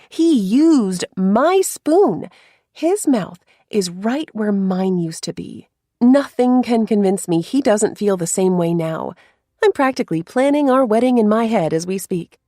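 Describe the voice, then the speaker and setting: Woman storyteller, first-person romance narration, soft, confiding, hushed asides, mid pitch, dry close sound. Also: dry recording.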